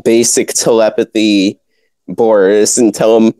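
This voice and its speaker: A laid-back man playing a tabletop game, calmly explaining what his character does. His voice is mellow and dark at a middle pitch. The sound is dry and close. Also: moderate pace, no echo. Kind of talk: casual tabletop role-play.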